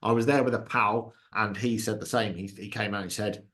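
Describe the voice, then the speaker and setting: A man's voice: on the low side, fairly even intonation, fairly quick, a bit bright. A man co-hosting a ski podcast, chatting casually and telling anecdotes, acting out voices in his stories. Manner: chatty anecdotes with acted-out quotes. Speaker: podcast co-host. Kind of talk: casual chat, storytelling.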